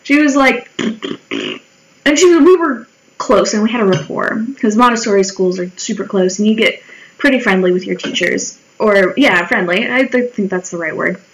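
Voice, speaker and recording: A twenty-something vlogger chats wryly and casually as she draws, cursing freely and voicing her own comments as little quoted performances. She speaks at a moderate pace in a medium pitch, and the recording quality is low.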